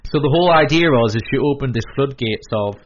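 A man's voice: medium pitch, fast talker, slight background noise. Guy chatting casually, lots of ums and restarts, muffled lo-fi sound. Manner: rambling, with many fillers and restarts; acts out quoted lines in other voices. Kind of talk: casual chat.

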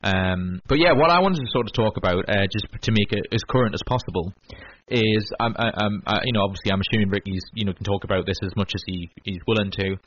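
Male co-host, deeper voice, loose rambling delivery, muffled broadcast audio. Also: fast talker, fairly bright tone. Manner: rambling, many fillers and restarts. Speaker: podcast co-host. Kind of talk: casual chat. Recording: lo-fi radio broadcast with faint hiss.

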